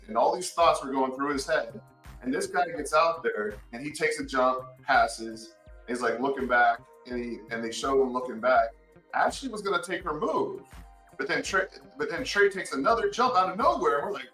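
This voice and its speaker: A man guest on a podcast, casually recounting events and acting out quoted lines with sudden jumps in pitch. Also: moderate pace, reverberant, recorded from a distance, soft background music, low-quality recording. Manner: animated, acts out quotes with big pitch jumps. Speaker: podcast guest, former contestant. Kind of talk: casual storytelling.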